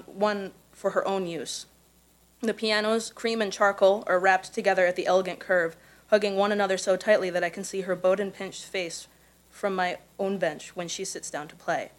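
Low-voiced woman reading her essay. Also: poor audio. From Missouri. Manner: measured, careful storytelling delivery. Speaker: contest winner reading her own prose. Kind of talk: reading a personal essay aloud. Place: live reading event.

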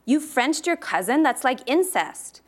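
A woman's voice: high-pitched, very animated, unhurried, pitched above the performer's own voice, heavily acted. A woman reading as a shy, curious teenage girl. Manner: eager, pleading questions.

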